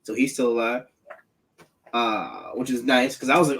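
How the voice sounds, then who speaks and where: A man's voice: mid-range voice, moderate pace, pauses often, slightly rough. A man hosting a podcast, chatting casually about a movie, swearing a lot and acting out lines in silly voices. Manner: profane, animated, acts out quotes in silly voices. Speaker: podcast host.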